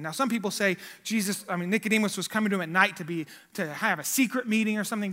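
A man preaching in a relaxed, talky way, asking the room questions and circling back to restart his points. His voice sits high for a man and sounds bright and forward. The sound rings with the long reverb of a large church hall. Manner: informal and emphatic, with frequent restarts and rhetorical questions. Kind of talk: conversational sermon.

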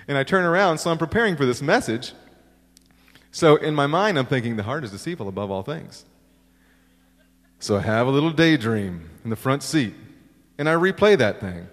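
A man's voice: a little high, expressive, moderate pace, long pauses. A middle-aged man preaching a sermon, telling stories with self-deprecating humor and acting out the quotes. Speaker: pastor. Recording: long reverb of a large hall.

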